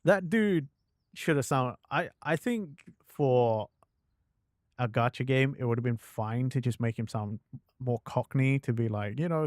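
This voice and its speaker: A man's voice: mid-range voice, unhurried, darkish tone, dry recording, clean studio sound. A man streaming a game, chatting casually and rambling with lots of fillers, slipping now and then into mock accents. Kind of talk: casual chat while gaming.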